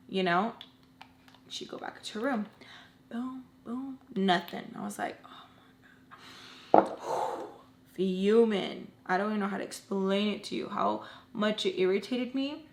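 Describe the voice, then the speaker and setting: A young woman in her twenties telling an emotional story from her own life, animated and emphatic, often stressing points with "okay?". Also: mid-range voice, vocal fry. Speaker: storytime vlogger. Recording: roomy echo.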